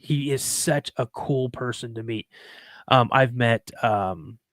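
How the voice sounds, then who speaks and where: A man's voice: mid-range voice, takes it slowly, a bit bright, dry recording. A man hosting a podcast, telling casual, rambling anecdotes and often restarting and repeating his words. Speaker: podcast host. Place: live podcast show.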